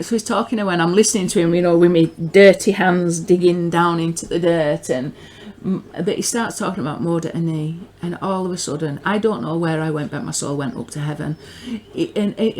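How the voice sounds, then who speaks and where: A woman with a northern English accent giving an informal spoken religious teaching, rambling and earnest, often repeating words and restarting her sentences. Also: lowish voice. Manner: earnest, grows excited.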